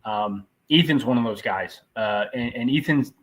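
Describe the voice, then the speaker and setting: A man's voice: mid-range voice, moderate pace. A man chatting casually as a podcast guest, laid-back and enthusiastic. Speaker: podcast guest, racer and shop owner. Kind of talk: casual chat.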